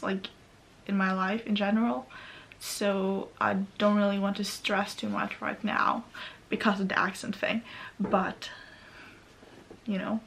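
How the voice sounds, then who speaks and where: A woman's voice: medium pitch, a little hiss or hum. A young Norwegian woman with a Norwegian accent, rambling nervously in a casual vlog at home, often correcting herself. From Norway. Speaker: vlogger. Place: at home near her computer.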